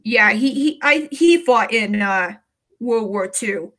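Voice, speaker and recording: Livestream host, woman from the United States, high and slow, hesitant and emotional, close to tears. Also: expressive, fairly bright tone. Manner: hesitant, many fillers and restarts, emotional. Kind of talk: casual livestream chat.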